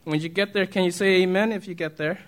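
A man with a voice pitched a little above most men preaches in a loose, conversational way. He keeps checking in with the congregation through quick questions and chuckles easily. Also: fairly even intonation. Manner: chatty, asks the congregation questions, chuckles often. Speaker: pastor. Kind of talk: casual conversational sermon.

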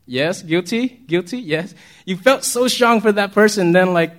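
A man's voice: high-pitched, lively intonation, normal speed, fairly bright tone. A man preaching a casual, conversational sermon, often asking the congregation questions and chuckling as he talks. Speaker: pastor.

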